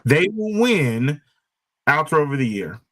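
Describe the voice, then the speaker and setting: Emphatic male host, raised pitch. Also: sing-song, takes it slowly, a bit bright, poor audio. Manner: emphatic, repeats points for stress. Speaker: show host. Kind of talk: casual podcast chat.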